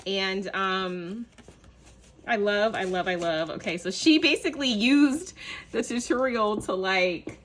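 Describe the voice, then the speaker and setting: A woman hosting a casual craft unboxing vlog, gushing and excitable, with lots of fillers. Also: mid-range voice, a little hiss or hum. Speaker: crafting channel host.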